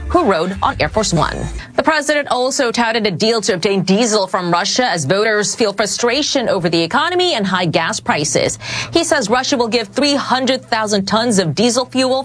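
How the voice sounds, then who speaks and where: A woman correspondent filing a radio news report in a brisk, steady way. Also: mid-range voice.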